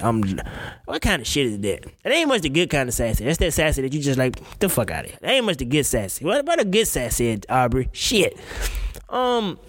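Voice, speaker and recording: A man hosting a casual talk show, ranting in an emphatic, profane, slang-heavy way. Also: on the high side. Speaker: podcast host. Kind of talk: casual opinion rant.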